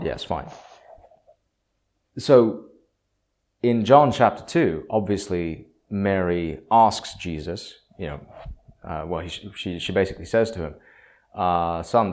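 Low-voiced man hosting a theology podcast. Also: measured pace, long pauses. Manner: conversational, opinionated, with frequent fillers and acted quotes. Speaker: podcast host. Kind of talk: solo podcast monologue on theology.

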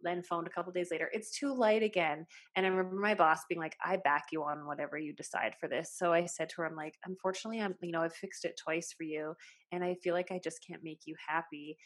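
Woman in her late thirties, lowish voice, chatty storyteller, hairstylist, casual podcast talk. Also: steady tone, fast talker. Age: 30s. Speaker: hairstylist and salon owner.

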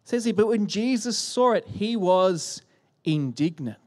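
A man preaching a sermon in a church, animated and shifting between loud emphasis and hushed whispers, speaking into a handheld microphone. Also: sits high, measured pace. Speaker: pastor. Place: church hall.

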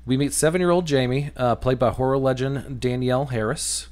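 A man's voice: mid-range voice, fairly even intonation, brisk, darkish tone. A man co-hosting a casual movie podcast, recapping scenes loosely with fillers, laughs and swearing. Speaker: podcast co-host.

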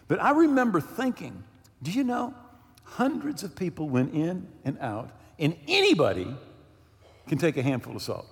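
A man's voice: a little high, wildly swooping pitch, moderate pace, creaky, big-room sound. A man preaching a sermon as pastor, telling a story with many asides and restarts to the congregation. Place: church sanctuary.

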